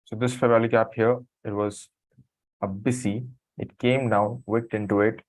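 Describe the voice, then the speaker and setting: A man who has just woken from a nap, commenting on a live trading stream in a halting, apologetic way as he thinks aloud. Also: on the low side, little pitch movement, no room sound, rough recording. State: just woke from a nap, morning voice.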